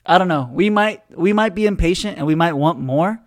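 A young man co-hosting a podcast, chatting casually and acting out quotes with growing excitement. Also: on the high side, a little fast, few pauses. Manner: animated storyteller, acts out quotes with rising excitement. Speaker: podcast co-host. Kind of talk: casual chat.

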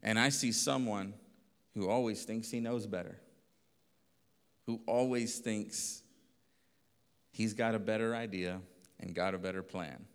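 A pastor telling a lively story in a sermon, acting out voices and laughing often. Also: male voice, on the low side, measured pace, long pauses, clear, resonant tone. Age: adult. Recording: long reverb of a hall.

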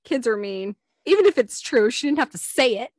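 A young woman co-hosting a chatty podcast, telling funny stories in a giggly, animated way. Her voice sits in a middling register and sounds close and dry, with almost no room around it. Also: a little high, brisk, no room sound. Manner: giggly, animated storyteller acting out quotes. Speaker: podcast co-host. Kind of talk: casual chat, reading listener stories.

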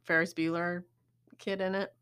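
A woman's voice: lowish voice, little pitch movement, moderate pace, a bit bright, clear, resonant tone. A woman co-hosting a podcast, guessing at movie quotes casually and thinking aloud with hesitant ums. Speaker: podcast co-host. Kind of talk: casual movie-trivia chat.

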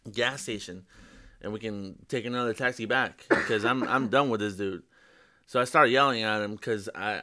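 A young man chats on a podcast, telling a story with plenty of energy. His voice is bright and forward, and it leaps upward whenever he quotes someone. He swears easily and talks like he's with friends. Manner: animated storytelling, jumps pitch for quoted voices, swears freely. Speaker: podcast co-host. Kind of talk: casual storytelling chat.

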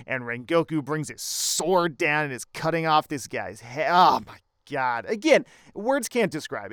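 Man, casual co-host, smooth clear voice, enthusiastic, fades at phrase ends, dry mic. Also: fairly high pitch, sharp tone, dry recording. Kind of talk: casual chat reviewing an anime film.

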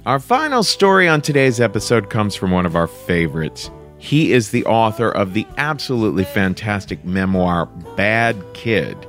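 A male podcast host introduces the next storyteller from a script. He sounds enthusiastic and promotional, his pitch moving a lot across a middle range. A little music sits faintly behind him. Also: big pitch swings, moderate pace, a bit bright.

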